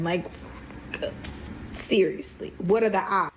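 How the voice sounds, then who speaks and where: A woman from New York telling a dating story in a chatty, animated way, acting out what each person said. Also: medium pitch, moderate pace, slight background noise, low-quality recording. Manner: chatty, animated, acts out quoted dialogue. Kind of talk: casual storytelling.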